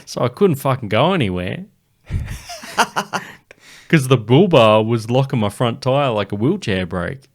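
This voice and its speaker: A man's voice: mid-range voice, slow, long pauses. An Australian man, a comedian, telling stories in a casual podcast chat and swearing freely. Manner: swears a lot, animated storyteller.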